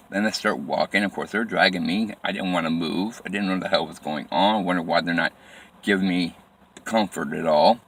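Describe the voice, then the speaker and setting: A man telling a personal story from his life in plain, halting phrases with frequent restarts and repetition. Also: deep voice, fairly bright tone.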